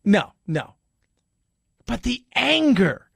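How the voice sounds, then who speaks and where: A man's voice: very high-pitched, slow, creaky, slightly rough, no room sound, clean studio sound. A man hosting a talk radio show, commenting animatedly and mockingly on the news. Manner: animated, mocking, jumps into exaggerated quoted voices.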